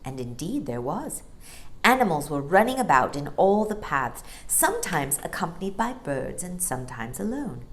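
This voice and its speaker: A woman reading a children's storybook aloud as a storyteller, expressive and lilting. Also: low voice, moderate pace.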